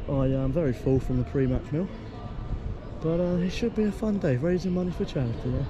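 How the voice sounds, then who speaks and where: A man's voice: on the high side, brisk, lo-fi sound, over a noisy crowd. A young man vlogging a charity football match, jokey and chatty and calling his viewers "boys". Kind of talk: casual vlog to camera. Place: outdoors at a football stadium.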